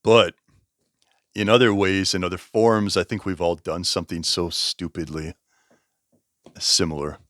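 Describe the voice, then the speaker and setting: A man's voice: low-pitched, steady tone, unhurried, long pauses, fairly bright tone, no echo, clean studio sound. A man casually reviewing a book, rambling, correcting himself and chuckling as he talks. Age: over 20.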